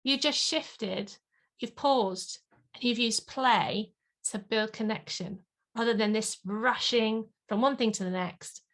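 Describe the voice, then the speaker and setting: Animated woman parenting consultant. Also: a little high, slow pace. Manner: animated, acts out parents and children. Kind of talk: podcast interview.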